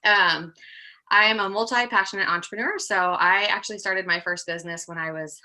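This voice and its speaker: A woman in her thirties, a project manager appearing as guest presenter, talks over a video call through her computer mic. Her medium-pitched voice is steady, fairly quick, bright and forceful, and she sounds slightly out of breath, upbeat and chatty, with frequent ums.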